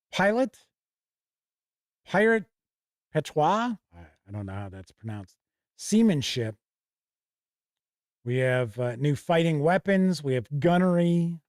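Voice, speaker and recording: A man with a fairly high voice who hosts a tabletop game show in a casual, unhurried way. He reads item lists aloud from a rulebook and drops little asides and corrections. The sound is dry and close to the microphone. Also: sing-song, a little mellow, dry recording. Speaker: show host reviewing tabletop RPG books. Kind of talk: casual chat, reading from a rulebook on stream.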